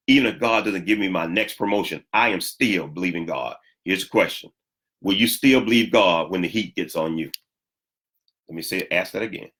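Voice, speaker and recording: Bright-voiced preacher man, emphatic delivery. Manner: emphatic preaching with sudden jumps in pitch and repeated lines for the congregation. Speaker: pastor. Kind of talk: sermon.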